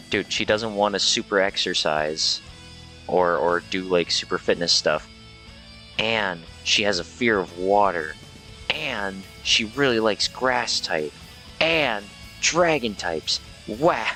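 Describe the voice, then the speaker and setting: A man streaming a game live, excitable, joking and swearing as he reads along. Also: low-pitched. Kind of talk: live gameplay commentary.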